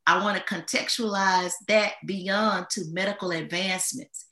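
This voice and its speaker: Bright-voiced woman explaining slowly. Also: mid-range voice, fairly even intonation, reverberant. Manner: measured, deliberate explanation. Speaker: guest historian. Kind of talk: podcast discussion.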